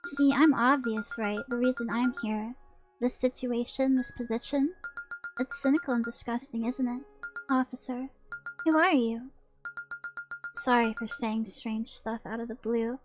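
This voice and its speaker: A woman reading a naive, halting young suspect. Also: a little high, fairly even intonation, close to an everyday voice. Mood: musing. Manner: soft, halting, naive questioning. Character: odd, childlike young woman murder suspect. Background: background music.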